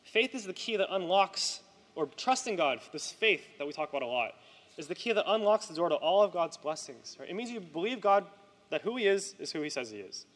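A man's voice: sits high, very animated, brisk, fairly bright tone, in a large hall. A man preaching a conversational sermon to a youth group, often checking in with "right?".

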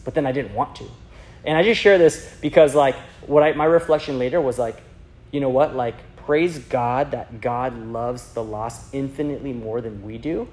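A youth evangelism speaker gives a chatty teaching talk on sharing faith, full of fillers and acted-out quotes from a personal story. He speaks a little fast, at medium pitch, with a slightly mellow voice.

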